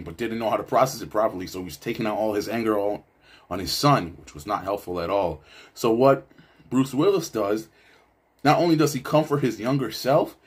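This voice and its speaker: A man's voice: fairly low pitch, slightly rough. A man giving casual, reflective commentary on a film, loose and full of asides. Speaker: video essayist.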